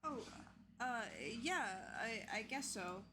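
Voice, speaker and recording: Woman, higher voice, drawls slowly, giggly tabletop player, noisy call audio. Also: lively intonation. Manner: slow, giggly, easily flustered. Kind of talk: casual tabletop game chat. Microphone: online voice call.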